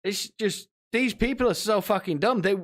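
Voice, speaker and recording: A man's voice: high-pitched, moderate pace, a bit bright. A man ranting and mocking as a streamer, sweary and sarcastic, often putting on whiny voices.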